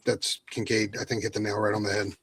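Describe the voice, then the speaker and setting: A man's voice: fairly low pitch, flat delivery, fast talker, gravelly, fairly bright tone, slightly rough. A man with a Philadelphia accent, co-hosting a sports podcast, upbeat and agreeable in casual chat. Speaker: podcast co-host.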